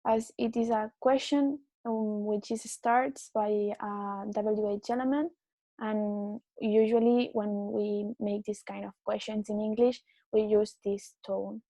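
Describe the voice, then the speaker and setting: Woman, student presentation, steady explaining, dry close sound. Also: mid-range voice, slow pace, no room sound, low-quality recording. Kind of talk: class presentation on intonation.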